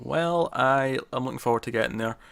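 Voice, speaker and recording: A young man hosts a relaxed podcast chat with a bright, ringing voice. He rambles, repeats himself and mocks his own slips. His pitch is mid-range for a man. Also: fairly quick, gravelly. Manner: self-mocking, rambling, stumbles over words. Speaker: podcast host. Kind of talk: casual chat.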